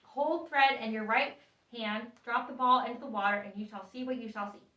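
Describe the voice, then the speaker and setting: A woman's voice: on the high side, steady tone, moderate pace, pushed and bright, highs cut off. A woman voicing a clever little white male cat in a storybook reading, speaking in a knowing, teasing way. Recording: echoey room, voice from far off.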